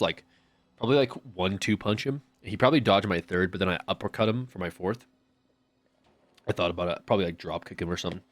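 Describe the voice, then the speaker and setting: A man's voice: low-pitched, fairly bright tone. A man streaming live, chatting casually and rambling with profane jokes to his chat.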